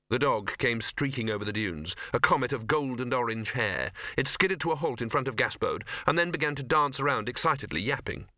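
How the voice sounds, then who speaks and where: A man reading a comic novel aloud as narrator, with wry, lively storytelling. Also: medium pitch, brisk, dry recording, studio quality. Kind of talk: scripted audiobook narration.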